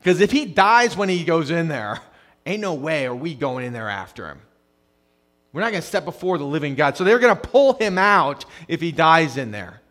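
Man preaching, loud then hushed. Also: fairly high pitch, sing-song, moderate pace. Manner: conversational preaching that swings from loud emphasis to hushed near-whispers; repeats words when starting phrases. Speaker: pastor. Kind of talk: sermon.

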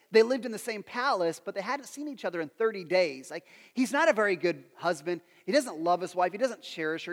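A man preaching a sermon as pastor, animated and acting out the story's characters in quick voices. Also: high voice, long reverb tail.

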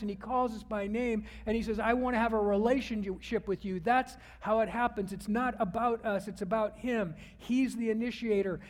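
Male pastor, high voice, storytelling sermon, long hall reverb. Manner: storytelling, drops to a hushed voice for the retold scenes.

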